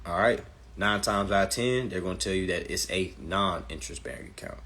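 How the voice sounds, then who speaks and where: A man hosting a casual phone livestream, talking in a brash, profane, animated way and slipping into mocking voices. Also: deep voice, brisk. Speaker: livestream host giving legal advice.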